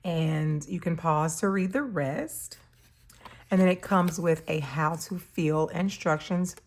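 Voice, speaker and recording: A woman with a low-sitting voice hosts her stationery channel, casually talking through an unboxing and a pen demo. She sounds slow and relaxed, with soft laughter.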